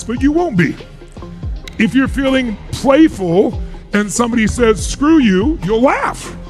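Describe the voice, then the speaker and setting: A middle-aged man giving a motivational speech to a live audience, emphatic and full of rhetorical questions. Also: high-pitched. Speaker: motivational speaker.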